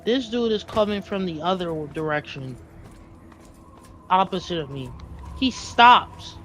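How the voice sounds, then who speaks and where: Co-host, chatty complainer, mid pitch, faint noise behind. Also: expressive, a little slow, fairly bright tone, poor audio. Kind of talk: casual chat.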